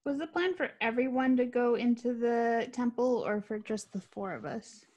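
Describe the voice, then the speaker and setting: A woman's voice: a little high, normal speed, darkish tone, muffled recording. A woman playing a tabletop role-playing game, asking questions with a wry, amused manner. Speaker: player.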